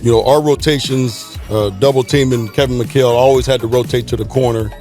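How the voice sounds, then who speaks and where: A former player telling a lively anecdote about an old game, quoting what was said on court. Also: male voice, mid-range voice, brisk, faint music behind. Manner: animated storyteller, quotes others. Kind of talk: anecdote in a talk show.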